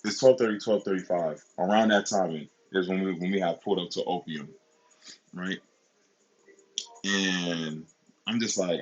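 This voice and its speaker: A man's voice: deep voice, expressive, normal speed, slightly rough, lo-fi sound. A man in his twenties telling a personal story in a casual, rambling, profane way, repeating himself often.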